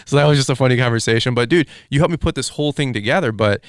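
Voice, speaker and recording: A man hosting a podcast in casual chat, rambling excitably with lots of fillers. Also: medium pitch, racing, dry recording, studio quality. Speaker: podcast host.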